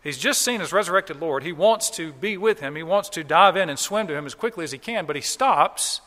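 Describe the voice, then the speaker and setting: A man's voice: a little high, expressive, fairly quick, pushed and bright, big-room sound. A man preaching a sermon as pastor, explaining scripture in a conversational way and acting out quoted lines.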